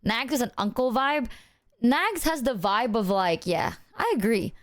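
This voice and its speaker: A woman's voice: a little high, lively intonation, unhurried, dry recording, studio quality. A woman streamer chatting casually with her viewers in a loose, rambling way, full of filler words and swearing.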